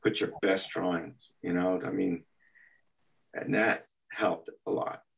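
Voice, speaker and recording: Low gravelly voiced guy from el paso telling a story in an interview, sounds a bit far from the mic. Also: slow pace. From El Paso, Texas. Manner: animated storyteller, acts out quotes. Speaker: animation artist, interview guest. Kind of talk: anecdotal storytelling.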